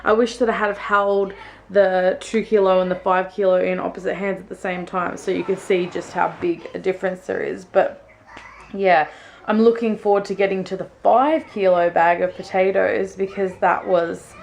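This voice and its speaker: A young Australian woman vlogs to camera, rambling chattily through a story with frequent ums. Her medium-pitched voice is steady and darkish, with vocal fry at a moderate pace, and a slight hiss or hum sits in the recording.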